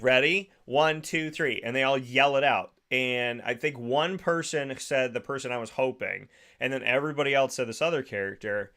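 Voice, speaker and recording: Guy hosting a chatty podcast, animated storyteller, laughs a lot, average pitch. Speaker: podcast host. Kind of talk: casual chat.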